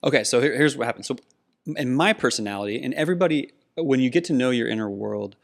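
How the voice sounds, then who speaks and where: A man's voice: mid-range voice, fast talker, creaky. A middle-aged man co-hosting a podcast, telling a personal story earnestly in casual conversation. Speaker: podcast co-host.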